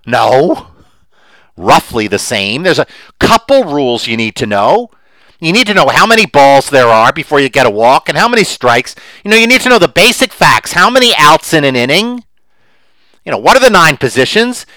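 A middle-aged man talks on his own podcast with a bright, forward voice. His pitch swings widely as he presses his points, full of asides and restarts. The sound is dry and close, with no room behind him. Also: normal speed, no room sound, low-quality recording. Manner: animated and emphatic, gets worked up. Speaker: podcast host. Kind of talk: opinionated solo podcast monologue.

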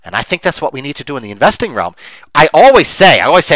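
Impassioned man with a lively voice. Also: fairly high pitch, fast talker, no echo, poor audio. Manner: impassioned, emphatic, with many restarts. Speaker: podcast host. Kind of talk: opinionated podcast talk.

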